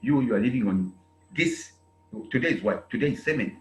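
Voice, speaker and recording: A man's voice: medium pitch, lively intonation, brisk, reverberant, a little hiss or hum, rough recording. A man from Zambia with a Zambian English accent who addresses students at an intake meeting and tells them off with emphatic repetition. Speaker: program director addressing students. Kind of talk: lecturing speech at an online meeting.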